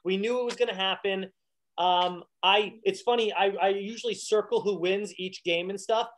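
A man's voice: high voice, fairly even intonation, a bit bright. A man in his thirties from Massachusetts, chatting casually as co-host of a reality show aftershow and recapping the episode. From Massachusetts, USA. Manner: chatty, recapping with quick impressions. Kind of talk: casual chat.

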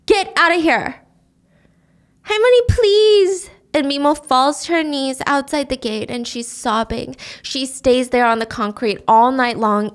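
A woman podcast host retelling a story in a chatty, animated way, often laughing. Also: fairly high pitch. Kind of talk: casual storytelling recap.

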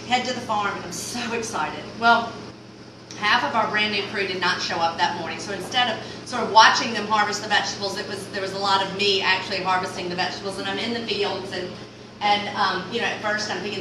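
A middle-aged woman with a Southern American accent, telling a comic story to a live audience in an animated, rambling way and acting out the dialogue. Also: medium pitch, a little fast. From Mississippi Delta, US. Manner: animated, rambling, acts out dialogue with big swings. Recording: far-off, very echoey room with noise.

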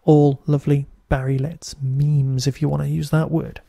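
Geordie guy reviewing on his podcast, wry and rambly, mellow husky voice, dry close mic. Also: a little high, flat delivery, normal speed, no echo. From Newcastle, England. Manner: chatty, wry, digressive. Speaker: podcast host. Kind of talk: casual review monologue.

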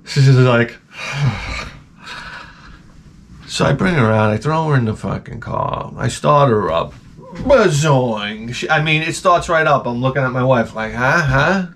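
A man telling rambling comedic stories in a profane, animated way, often slipping into mocking voices. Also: medium pitch, a little slow, gravelly, long pauses, slight background noise. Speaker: retro gaming vlogger.

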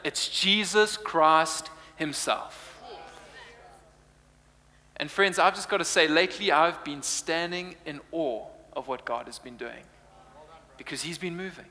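Jasny głos młodego kaznodziei w sali. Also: male voice, fairly high pitch, measured pace, pauses often, bright, forceful tone, big-room sound. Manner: playful, chatty, laughs often. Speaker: preacher. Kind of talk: humorous sermon. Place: church hall.

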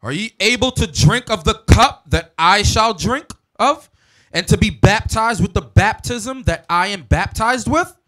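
A man reading Bible verses aloud in a measured, deliberate way. His voice sits high and bright, and its pitch moves in a lively way through each verse. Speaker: scripture reader.

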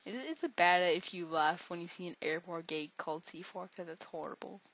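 A woman's voice: lowish voice, fairly quick, a bit bright. A woman giving casual, rambling let's-play commentary, joking and talking to herself as she plays. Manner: rambling, jokey, talks to herself. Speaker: gameplay commentator. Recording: dull lo-fi recording.

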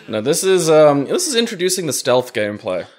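A man's voice: fairly high pitch, big pitch swings, moderate pace. A man playing a game and chatting loosely, often laughing and swearing as he explains things. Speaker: player in a let's-play. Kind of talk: casual let's-play commentary chat.

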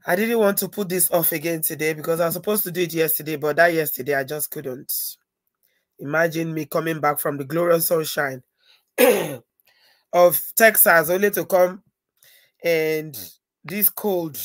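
A woman hosting a live stream, hoarse and stuffy-nosed from a cold, chatting and greeting viewers by name as she talks. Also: deep voice, moderate pace, no echo. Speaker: channel host.

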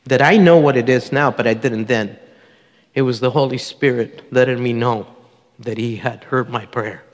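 A middle-aged man giving a personal testimony to a congregation, an earnest storyteller who acts out the voices he quotes. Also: mid-range voice. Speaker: church member giving testimony. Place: church sanctuary. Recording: long church hall reverb.

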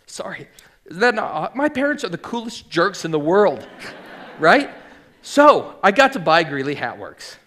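Middle-aged man, casual storyteller on stage, slightly high voice, lots of ums and likes. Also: sing-song, measured pace, fairly bright tone. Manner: chatty, filler-heavy, voices quoted people. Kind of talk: live personal storytelling. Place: theater stage.

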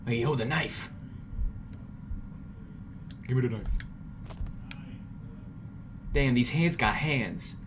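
A man's voice: medium pitch, drawn-out words, long pauses, background noise. A man streaming a video game, joking and reacting with sudden jumpy outbursts while talking to chat. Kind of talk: let's play commentary.

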